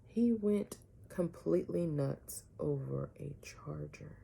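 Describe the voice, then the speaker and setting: Low gravelly-voiced woman telling a story. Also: slight background noise. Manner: animated, keeps asking "right?". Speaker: vlogger. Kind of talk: personal storytelling to camera.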